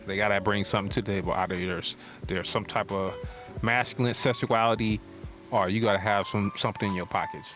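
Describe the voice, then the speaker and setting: A man's voice: fairly low pitch, fairly quick, over music. A man co-hosting a podcast, chatting casually and teasing his co-host with lots of laughter. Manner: joking, teasing, animated with laughter.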